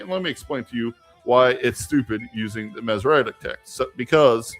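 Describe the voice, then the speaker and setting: A young man from rural southern Ohio hosts a casual live-stream Q&A from a home room with icons on the wall, answering viewer questions. His mid-range voice moves fairly quickly with few pauses, rambling and argumentative with many restarts, while soft music plays in the background.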